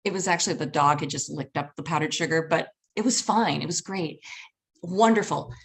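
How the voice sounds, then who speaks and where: Animated woman telling a personal story. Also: low-pitched, fairly quick, vocal fry. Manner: animated, acts out voices, laughs often.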